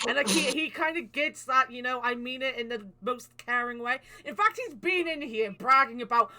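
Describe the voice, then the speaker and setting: A woman hosting a podcast in casual chat, animated and swearing freely. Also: a little high, a little fast, hardly any pauses. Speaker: podcast host.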